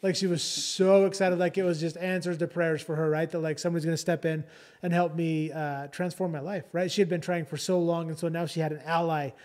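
A man's voice: a little high, level tone, brisk, darkish tone. A man co-hosting a podcast, telling a story in a chatty, casual way and often checking in with "right?". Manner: chatty, keeps adding "right?" and "like". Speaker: podcast co-host.

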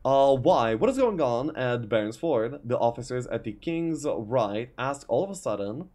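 A man's voice: medium pitch, animated, normal speed, darkish tone. A man reading a game's story text aloud, stopping for asides and frequent "uh"s. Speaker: gaming YouTuber reading a map's story. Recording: faint music behind.

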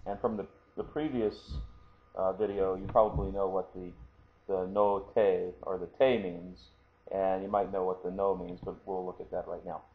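Male instructor, low voice, patient step-by-step explainer; thin phone-like sound, light hiss. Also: flat delivery, normal speed. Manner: patient, explanatory, frequent "okay?" check-ins. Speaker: martial arts instructor. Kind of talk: screen-recorded lesson. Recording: tinny phone-like audio, faint hiss.

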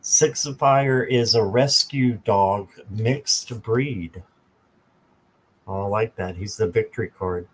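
A man hosting a live stream, chatting slowly and casually with viewers by name and joking as he goes. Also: fairly low pitch, husky, rough recording. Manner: slow, chatty, talks to viewers by name, jokes. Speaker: tarot reader and channel host.

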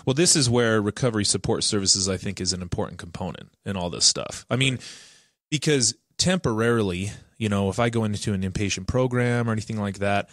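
A man co-hosting a podcast in casual discussion, animated and acting out quoted voices. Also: on the low side, brisk, dry recording, clean studio sound.

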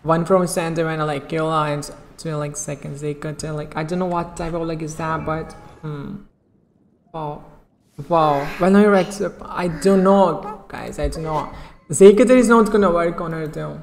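A woman streaming a game, chatting casually and repeating filler words, often breaking into excited outbursts. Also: moderate pace, long reverb tail. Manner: chatty, repeats "okay" and "bro", bursts into high excited shrieks. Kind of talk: casual live-stream chat while pulling in a gacha game.

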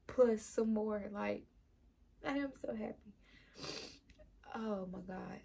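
A woman vlogging an unboxing, talking to her viewers in an emotional, breathy voice that often drops to a whisper, close to tears. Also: medium pitch, slow, long pauses, darkish tone, slight background noise. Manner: addresses viewers as "y'all". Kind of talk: excited unboxing vlog.

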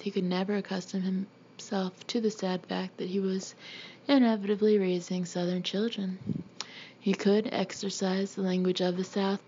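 A woman reading a novel aloud in a steady, measured way, now and then clearing her throat. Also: medium pitch, highs cut off, slight background noise. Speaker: audiobook reader.

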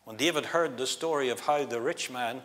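Dramatic preacher in a hall. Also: male voice, medium pitch, moderate pace. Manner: dramatic, swings from loud to hushed. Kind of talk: gospel sermon. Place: church hall. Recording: long hall reverb.

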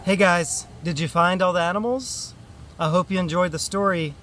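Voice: medium pitch, moderate pace, fairly bright tone, slight background noise. A channel host reading a children's picture book aloud in a friendly way, adding animal sounds.

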